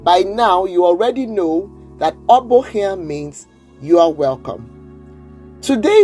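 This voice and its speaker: A woman teaching simple words in a clear lesson, patient and encouraging as she has learners repeat after her. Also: lowish voice, warm tone. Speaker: language teacher.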